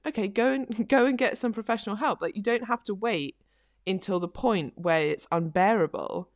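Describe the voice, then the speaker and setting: A woman's voice: mid-range voice, moderate pace, no echo. A woman co-hosting a fitness podcast in a casual, chatty way, leaning on "like" as she talks. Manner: chatty, repeats "like" often. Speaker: podcast co-host, fitness coach. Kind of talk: casual chat.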